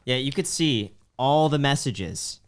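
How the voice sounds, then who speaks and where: A man's voice: mid-range voice, lively intonation, unhurried, clean tone. A podcast host telling a joking story in casual chat with his guest.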